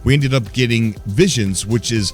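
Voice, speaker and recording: A man's voice: mid-range voice, moderate pace, soft background music. Upbeat man hosting a gaming channel. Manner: upbeat, smiling, rambling with fillers. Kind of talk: casual solo video commentary.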